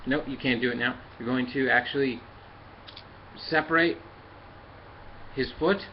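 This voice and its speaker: A man with a mid-pitched voice gives a casual, hands-on toy review and demonstration, talking as he handles the toy and working its parts. His delivery is halting and packed with fillers. The audio is slightly dull and lo-fi, with a faint hiss underneath.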